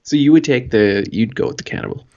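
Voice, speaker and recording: A man with a Canadian accent in casual podcast chat, making dry, deadpan jokes. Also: medium pitch, quick pace. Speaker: podcast co-host. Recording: dull lo-fi audio.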